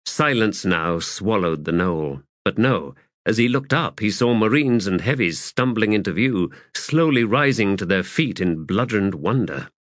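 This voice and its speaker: Slow, measured male audiobook narrator. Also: lowish voice, animated, fairly bright tone, no room sound, clean studio sound. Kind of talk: scripted fantasy narration.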